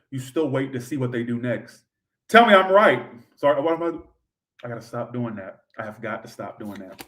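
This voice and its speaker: A man giving a livestream tarot reading in a sassy, profane, rambling way, talking straight to his viewers. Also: fairly high pitch. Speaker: tarot reader.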